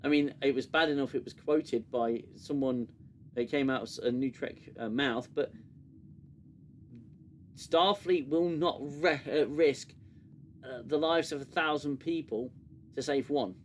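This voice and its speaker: A man's voice: mid-range voice, measured pace, slight background noise. A man hosting a casual review chat, sarcastic and exasperated, often restarting his sentences. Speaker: podcast host.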